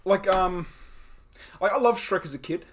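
A man's voice: high-pitched, moderate pace, fairly bright tone, slight background noise. A young man, co-hosting a casual podcast chat, rambling through stories, laughing often and swearing freely. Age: young adult. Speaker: podcast co-host.

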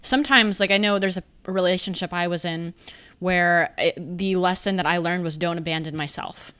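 A woman hosting a casual podcast, reflective, with soft listening murmurs. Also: lowish voice, normal speed, clean tone, no room sound.

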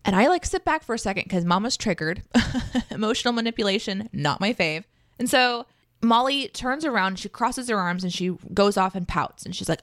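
A woman's voice: mid-range voice, expressive, a little fast, a bit bright, no echo, studio quality. A woman in her thirties, a podcast co-host telling a story in casual chat, swearing freely and acting out the voices of the people in it.

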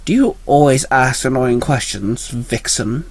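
A man voicing a cold, scarred male villain who speaks in a slow, quiet, menacing way. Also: medium pitch, dry recording.

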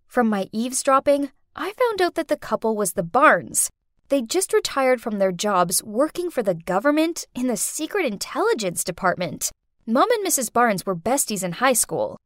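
A woman's voice: fairly high pitch, dry recording, clean studio sound. A woman narrating a first-person story as an exasperated teenage girl, with a dramatic delivery.

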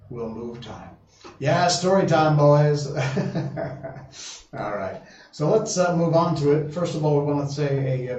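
A man's voice: mid-range voice, mellow, recorded from a distance. A man chats loosely on a live stream, wandering from point to point and reading out viewer comments as he goes. He sits well back from the mic in a roomy space, and the sound is dull and lo-fi with a faint hiss underneath. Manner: rambling, restarts often, reads chat aloud. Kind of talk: casual live-stream chat.

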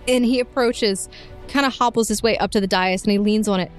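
A woman narrating as game master of a tabletop game, lively and playful, often laughing. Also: medium pitch, brisk, soft background music.

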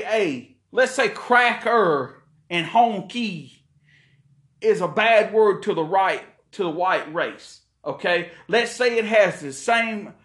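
A man's voice: sits high, fairly bright tone, echoey room. A man from South Carolina, hosting a podcast in a heated, profane, rambling rant. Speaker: podcast host. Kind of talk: ranting monologue.

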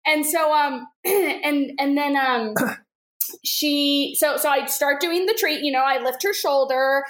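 A woman comedian telling a story in a casual, animated way, laughing often and filling her talk with little fillers. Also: sits high, slow, reverberant. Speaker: guest comedian.

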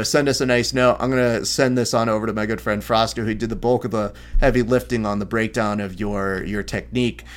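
A man's voice: mid-range voice, clear, resonant tone. A man co-hosting a grappling podcast, loose and joking, swearing casually as he talks with a guest. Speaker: podcast co-host.

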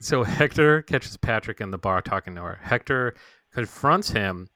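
A young man co-hosts a casual podcast and walks through an episode recap. His voice is low with a bright edge, recorded dry and close. He teases his co-host and fills pauses with lots of "uh". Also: expressive, dry recording. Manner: teasing, many "uh" fillers when reading notes.

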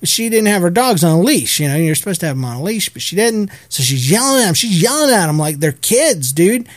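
A man's voice: sits high, fairly quick, dry recording. A man, a podcast host, telling everyday stories in a casual way and acting out quotes in a raised voice. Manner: animated, acts out quotes in a raised voice. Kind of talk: casual storytelling.

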